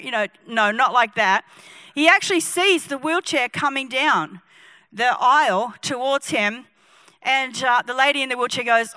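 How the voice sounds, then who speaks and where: A woman pastor preaching a sermon, telling a story and acting out its people, sometimes dropping to a hushed voice. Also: sits high, moderate pace, smooth, no echo. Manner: lively, acts out the people in her stories; drops to a hushed voice for solemn moments.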